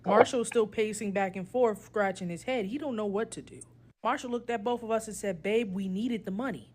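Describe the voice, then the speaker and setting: A woman tells a long comic story on a podcast call-in segment. Her delivery stays steady and deadpan. Her voice sits at an ordinary middle pitch. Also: brisk. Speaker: caller telling a story. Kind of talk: reading a comic story aloud.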